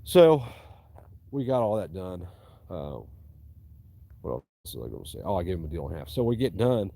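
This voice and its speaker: A man's voice: deep voice, very animated, moderate pace, mellow. A man, rambling profanely and casually about his tree-cutting work. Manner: profane, rambling, drawling storyteller. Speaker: tree cutter vlogging.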